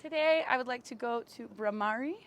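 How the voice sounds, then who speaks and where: A woman with a slightly high voice leads a yoga and breathwork class in slow, gentle, soothing cues. She is recorded outdoors in the sun on a camera mic. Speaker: yoga teacher. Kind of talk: guided yoga and breathwork instruction.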